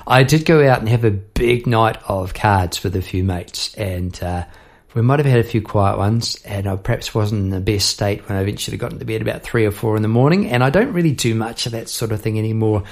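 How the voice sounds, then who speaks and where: A middle-aged songwriter with a brisk voice on the low side hosts his own podcast, chatting casually about songwriting. He rambles through stories and often restarts his sentences.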